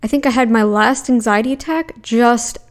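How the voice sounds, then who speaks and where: A woman's voice: a little high, moderate pace. Blunt, argumentative woman commentator. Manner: puts on mocking voices when quoting others. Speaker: commentary channel host. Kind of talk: reaction commentary.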